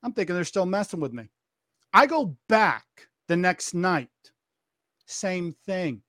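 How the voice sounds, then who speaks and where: A woman, a former corrections officer, telling her testimony as a podcast guest in an animated way, acting out the voices she quotes. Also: lowish voice, a little slow, no room sound, studio quality. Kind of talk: testimony storytelling.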